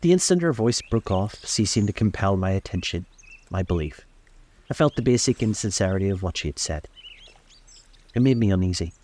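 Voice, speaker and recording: A man reading a novel aloud in a calm, measured way, recorded outdoors on a lakeside deck. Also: lowish voice. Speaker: storyteller.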